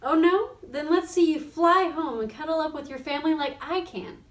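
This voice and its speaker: A woman's voice: high voice, moderate pace, natural voice. A woman voicing a tiny chirpy bird who mocks cheekily. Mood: cheeky. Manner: cheeky, mocking. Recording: roomy sound from a distant mic.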